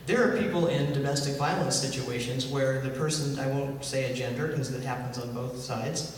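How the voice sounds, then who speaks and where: A man's voice: mid-range voice, a little fast, few pauses, slight background noise. A male minister giving a conversational sermon, often asking the congregation questions. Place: church hall. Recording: echoey hall from far off.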